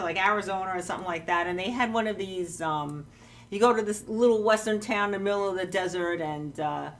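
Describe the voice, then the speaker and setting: A woman's voice: mid-range voice, distant mic. A woman telling a rambling story on a talk show, with many restarts and some laughter. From New York. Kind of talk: casual anecdote.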